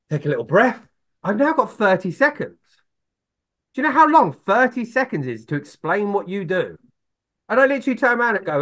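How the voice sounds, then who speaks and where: A middle-aged man talking as a sales expert guest on a podcast, lively and blunt, acting out phone calls and swearing freely. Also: high-pitched, brisk. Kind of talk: animated podcast talk.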